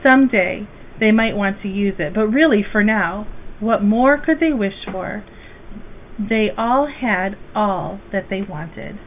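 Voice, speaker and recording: A woman reading a children's storybook aloud as a guest reader, slow, gentle and expressive. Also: mid-range voice. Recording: tinny phone-like, faint hiss.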